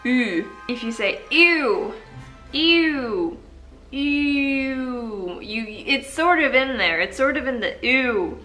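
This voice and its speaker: A woman's voice: on the high side, sharp tone. A woman casually vlogging about vowel sounds, joking, interrupting herself and sounding vowels out over and over. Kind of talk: casual language vlog.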